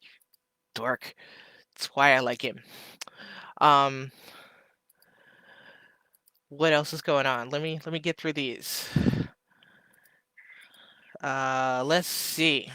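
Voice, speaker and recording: Slow, bright-voiced man chatting on a live stream. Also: mid-range voice, fairly even intonation, smooth, dry recording. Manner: chatty, joking asides to viewers. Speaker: live stream host reading chat. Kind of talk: casual live stream chat.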